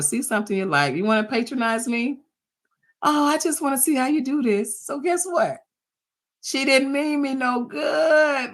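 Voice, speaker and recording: A woman with a bright, forceful voice gives a motivational talk to small business sellers. She hammers her points home through repetition and keeps checking in with her listeners. She is a lively storyteller who acts out the people she quotes. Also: mid-range voice. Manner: emphatic and repetitive, drives points home with "okay?".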